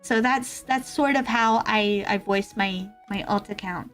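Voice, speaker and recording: High-voiced giggly woman streamer. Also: animated, normal speed, a bit bright, faint music behind. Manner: giggly, chatty, reads and answers chat. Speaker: VTuber streamer. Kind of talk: casual livestream chat.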